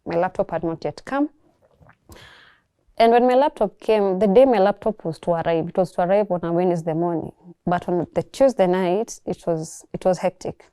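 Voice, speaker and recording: A young Kenyan woman calmly telling her personal story, reflective and soft-spoken, often pausing to restart a thought. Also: fairly low pitch, clean tone, no room sound, studio quality. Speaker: guest sharing her story. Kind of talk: personal testimony.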